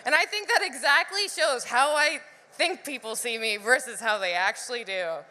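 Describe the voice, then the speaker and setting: A woman doing live stand-up, with a high, bright voice that leaps all over. She is animated, acts out other voices and laughs often. The sound rings with a long hall reverb. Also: normal speed. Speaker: stand-up comedian. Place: live comedy venue.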